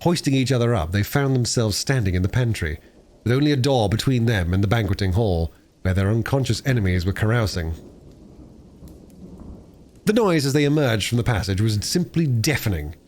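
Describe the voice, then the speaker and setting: A man reading a classic novel aloud in an expressive, lively storytelling manner, with the odd small slip. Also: lowish voice, fairly quick. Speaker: audiobook reader.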